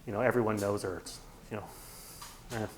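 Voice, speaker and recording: Talking fast in a fairly low, steady voice, a man runs a casual real estate training lecture and frequently acts out quoted dialogue. The recording is low quality with slight background noise.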